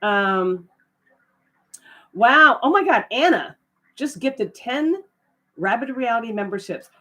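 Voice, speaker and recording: A middle-aged woman hosting a casual live stream, chatting with viewers, often breaking into excited, surprised exclamations between trailing fillers. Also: fairly high pitch, slow.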